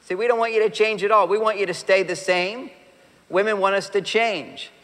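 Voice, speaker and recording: A man's voice: sits high, normal speed. Man speaking in a reverberant hall. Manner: animated, jokey, acts out quoted voices. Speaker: relationship speaker. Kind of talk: live talk to an audience.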